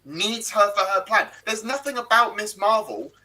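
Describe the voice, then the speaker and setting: A man's voice: sits high, normal speed, sharp tone, poor audio. A British man co-hosting a live panel show, ranting emphatically about a TV series and swearing as he argues. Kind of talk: casual pop-culture chat.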